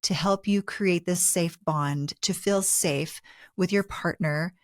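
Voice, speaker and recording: A woman co-hosting a relationship advice talk, explaining ideas in a measured, teacherly way. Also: fairly low pitch, no echo, clean studio sound. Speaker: podcast co-host.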